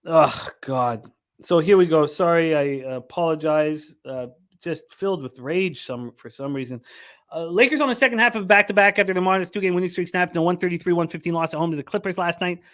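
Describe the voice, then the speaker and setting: Male betting-show host with a high voice: frustrated, profane, rambling read of lines and stats. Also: brisk, a bit bright. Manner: swears a lot, frustrated, rambling. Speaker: sports betting podcast host. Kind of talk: casual sports betting talk.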